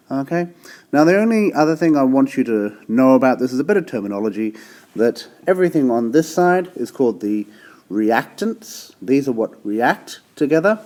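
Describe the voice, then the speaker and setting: A male teacher explaining a topic in a relaxed, chatty way, often checking in with the listener and restarting his sentences. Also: mid-range voice. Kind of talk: casual classroom explanation.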